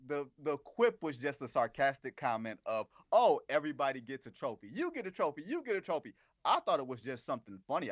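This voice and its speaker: An animated man guesting on a sports talk show, firing off sarcastic, emphatic points. His voice sits in the middle range, and the recording is close and dry, with no room sound. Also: medium pitch, no room sound. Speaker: guest basketball reporter.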